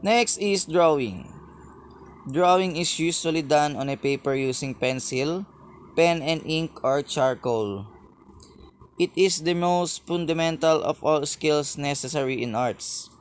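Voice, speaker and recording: A man's voice: fairly high pitch, slight background noise. A man reading a lesson presentation from a script, stumbling and restarting on words. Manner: reads slowly from a script with frequent slips and restarts. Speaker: student presenter. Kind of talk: read-aloud lesson presentation.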